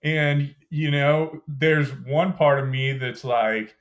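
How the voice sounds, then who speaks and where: A young adult man, a podcast guest, telling stories of his military training in a relaxed, detailed way, full of "you know" and "like.". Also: mid-range voice, a little slow, hardly any pauses. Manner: conversational, detailed, frequent "you know" and "like" fillers. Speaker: podcast guest, former Green Beret. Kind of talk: casual storytelling interview.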